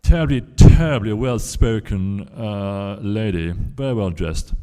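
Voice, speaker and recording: A man's voice: fairly low pitch, unhurried, dark tone, clear, resonant tone. A man on a convention panel telling a long anecdote to a live audience, with restarts and acted-out quotes. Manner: rambling storyteller with restarts, acts out quoted voices. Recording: hall reverb.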